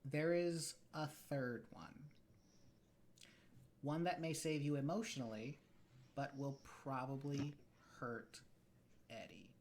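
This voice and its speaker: Gm narrating a tabletop game, slow and deliberate, big pauses. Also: mid-range voice, darkish tone, a little hiss or hum. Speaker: game master.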